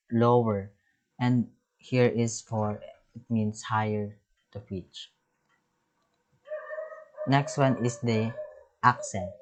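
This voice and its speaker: A male music teacher works through his slides one term at a time, reading each definition aloud. He goes slowly and breaks off mid-word to start again, in a voice of ordinary middle pitch. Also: a little mellow, rough recording. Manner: halting, reads terms and definitions with restarts.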